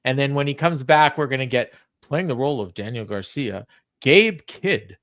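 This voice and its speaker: A man's voice: medium pitch, lively intonation, moderate pace, a bit bright, no room sound. Chatty male podcast host, dry sound. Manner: chatty, laughs often, many fillers. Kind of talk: casual wrestling recap chat.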